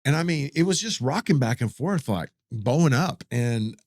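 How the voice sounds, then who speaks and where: A man in his fifties, a pastor, tells a story in a folksy, animated way, doubling back on his words as he goes. His voice sits in a middling pitch. The sound is dry and close, with no room around it. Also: normal speed, dry recording. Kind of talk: casual storytelling in an interview.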